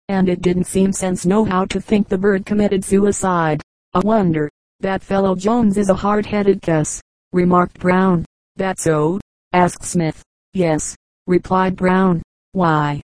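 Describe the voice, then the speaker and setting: A woman reading a book of short jokes aloud, moving quickly between narration and quoted speakers. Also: mid-range voice, mellow, dry recording, poor audio. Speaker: audiobook reader.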